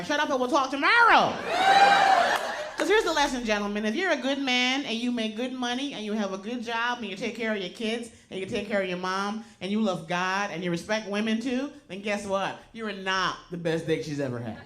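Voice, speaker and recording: A woman's voice: medium pitch, fairly quick, few pauses, a little hiss or hum. A woman performing a raunchy stand-up routine on a comedy club stage, with blunt, punchy delivery. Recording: club recording with loud audience laughter.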